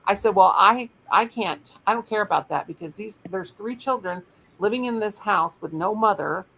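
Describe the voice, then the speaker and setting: A woman's voice: medium pitch, normal speed, slight background noise, poor audio. An older woman, a teacher, telling a rambling story in casual chat and acting out what other people said. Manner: rambling, animated quoting of others.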